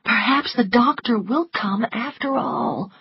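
A woman voicing an imperious, headstrong young Southern woman who gives sharp orders. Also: extremely high pitch, big pitch swings, unhurried, dry recording, pitched above the performer's own voice, heavily acted. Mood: tense. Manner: sharp, commanding. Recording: slightly muffled lo-fi, dry.

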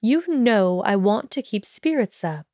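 A woman voicing a calm, steady older headmistress witch in a storybook reading, speaking evenly and measuredly. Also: medium pitch, no echo, studio quality, lightly acted. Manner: even, measured delivery.

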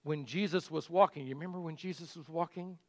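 A man's voice: on the high side, fairly quick, no room sound. A middle-aged male pastor giving a conversational sermon full of rhetorical questions.

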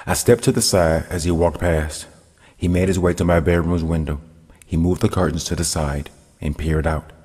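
A man reads his own first-person story aloud, earnest and measured. His voice sits extremely low with a husky edge. A long hall reverb trails every line. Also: fairly even intonation, a little mellow. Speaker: amateur storyteller.

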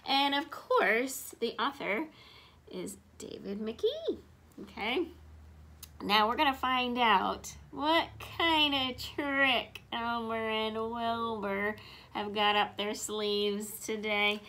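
Woman storyteller for children, animated and a little high, leaning on each word. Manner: animated, drawn-out emphasis, talks to the listeners. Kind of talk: reading a picture book aloud to children.

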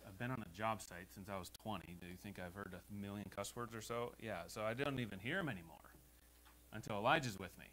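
American man, pastor, low voice, emphatic sermon delivery in church, faint hum on the recording. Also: fairly quick, rough recording. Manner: emphatic, rises to loud exhortations. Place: church sanctuary.

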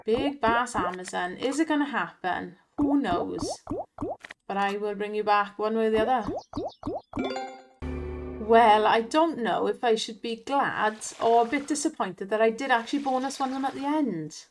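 A woman, chatty and excitable, giving casual commentary to viewers over slot play and laughing often. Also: a little high, moderate pace. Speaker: slot gaming channel host. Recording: music loud behind voice.

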